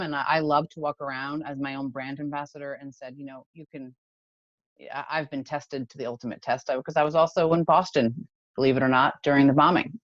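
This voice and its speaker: A woman's voice: deep voice, dry recording, highs cut off. A woman being interviewed as a guest, telling a personal story with emotion and nervous laughs. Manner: emotional, animated retelling with laughs. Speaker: podcast guest, company founder.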